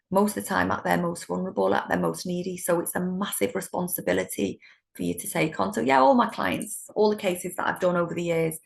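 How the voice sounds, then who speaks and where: A middle-aged woman with a British accent, a solicitor telling stories in an interview, animated and laughing often. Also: fairly low pitch, gravelly. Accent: British English. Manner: warm, animated storytelling with laughs. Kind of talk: conversational interview.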